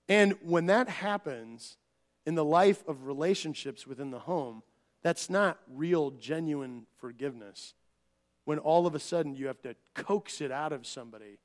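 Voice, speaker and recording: A middle-aged man preaching a sermon, earnest and conversational, often restarting phrases and acting out quoted dialogue. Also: high-pitched. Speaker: pastor.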